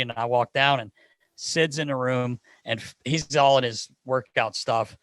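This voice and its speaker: A man co-hosting a podcast, telling animated, profane anecdotes with laughter in a casual chat. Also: medium pitch, normal speed, dry recording. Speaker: podcast co-host. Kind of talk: casual storytelling.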